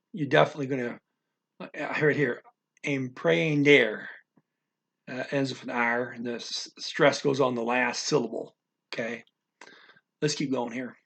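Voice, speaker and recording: A man teaching a language lesson in a casual, halting way, correcting himself and filling pauses as he explains words. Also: medium pitch, a bit bright. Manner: halting, self-correcting explanations with many fillers.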